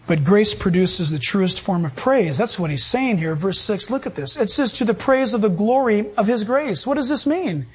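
Emphatic high-voiced preaching pastor. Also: male voice, husky. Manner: animated, emphatic preaching with quick bursts. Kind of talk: sermon.

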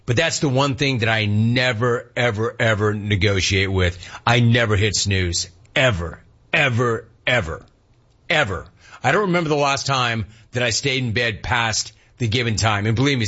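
A man's voice: mid-range voice, a bit bright, highs cut off. A man hosting a casual talk radio show and reading listener complaints, talking in slang and repeating words for emphasis.

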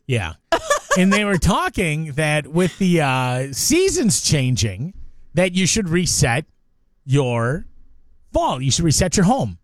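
A man's voice: a little high, very animated, takes it slowly, no echo. A man co-hosting a radio morning show, chatting casually in a playful, teasing way.

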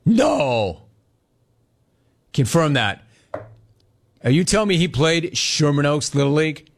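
Sports show host, man in his forties from Los Angeles, lively swooping delivery, casual rambling stories. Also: on the high side, takes it slowly, gravelly. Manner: animated, rambling storytelling, repeats phrases. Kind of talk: casual sports talk with live chat.

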